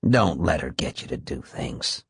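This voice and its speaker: Guy doing a low husky bitter man stuck in a hospital bed, dry close sound. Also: big pitch swings, unhurried, fairly bright tone, no echo, heavily acted. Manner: low, grim and seething. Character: bitter bedridden man, furious at his wife.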